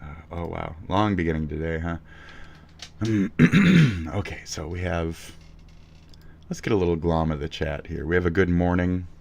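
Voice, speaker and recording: A young man live-streaming, reading chat and reacting with profane, mocking remarks and loud taunts. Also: deep voice, animated, measured pace, gravelly, slight background noise.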